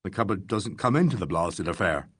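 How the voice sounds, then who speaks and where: A man's voice: sits low, expressive, a little fast, fairly bright tone, slightly rough, dry recording, clean studio sound, full character voice. A man voicing a blunt, skeptical police officer in a mystery audiobook.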